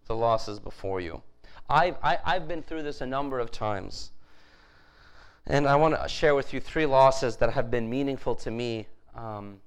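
A man's voice: medium pitch, smooth, poor audio. A man preaching a sermon in a conversational way, with frequent restarts and emphatic rises. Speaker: pastor.

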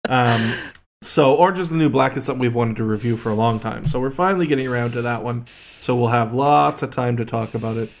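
A man's voice: medium pitch, fast talker, vocal fry. A man co-hosting a TV review podcast, making wry, sarcastic remarks with a laugh in his voice. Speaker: podcast co-host. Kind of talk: casual chat.

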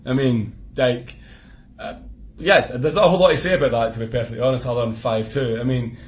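A Scottish man talks football on a podcast in a loose, chatty way. He laughs easily and states blunt opinions. His voice sits at a middle pitch, and the audio is a little dull and lo-fi. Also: fast. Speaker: podcast co-host. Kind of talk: casual football chat.

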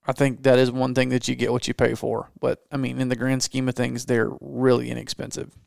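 A man's voice: mid-range voice, monotone, fairly quick, vocal fry, darkish tone, no echo, studio quality. A young man with a Southern US accent, co-hosting a live stream in casual chat, laid-back and joking.

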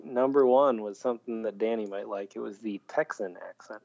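A man's voice: lowish voice, fairly quick, creaky, darkish tone, highs cut off. A man co-hosting a podcast, bantering in a wry, profane way. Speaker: podcast co-host. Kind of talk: casual chat.

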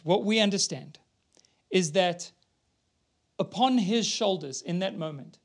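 A man preaching a sermon, earnestly reading scripture aloud and building to emphatic peaks. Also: sits high.

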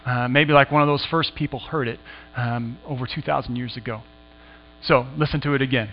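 A man preaching a sermon, retelling a scripture story dramatically, sometimes falling to a hush and sometimes rising in excitement. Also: mid-range voice, fairly quick. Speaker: pastor. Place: church sanctuary. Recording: muffled hall recording with mains hum.

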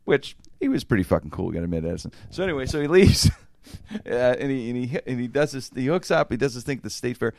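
A man's voice: medium pitch, animated, fast, hardly any pauses, a little mellow, dry recording, clean studio sound. A man hosting a podcast, telling a long story in casual, profane chat and acting out the quotes. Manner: rambling, profane, acts out quotes. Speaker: podcast host.

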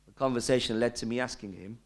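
A male preacher giving a sermon, emphatic and full of rhetorical questions, dropping to hushed tones and rising again. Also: medium pitch, quick pace. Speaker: Islamic preacher.

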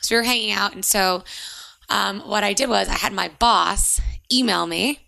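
Young woman in her 20s, lots of fry, chatty story, says "like" constantly. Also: medium pitch, normal speed. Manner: animated storyteller, acts out quotes, says "like" often. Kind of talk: casual chat, storytelling.

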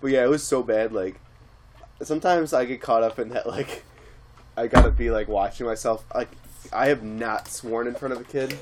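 Man, podcast co-host, casual chat, laughs a lot, chatty, mid-pitched. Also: normal speed, noisy background. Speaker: teacher.

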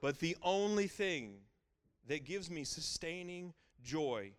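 A man's voice: on the high side, expressive, slow, smooth. Emphatic middle-aged male preacher. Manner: swings from hushed intimate lines to loud exclaiming peaks; repetitive, emphatic preaching cadence. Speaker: pastor. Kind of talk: sermon.

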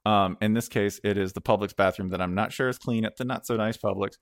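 A man's voice: on the low side, fast talker, no echo, clean studio sound. A man co-hosting a comedy podcast, telling a story and acting out the voices in it. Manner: animated storytelling, acts out voices. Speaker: podcast co-host. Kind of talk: comedic casual chat.

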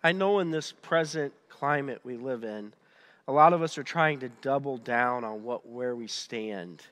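A man preaching a sermon as pastor, conversational and animated, often restarting his sentences. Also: medium pitch, unhurried, in a large hall.

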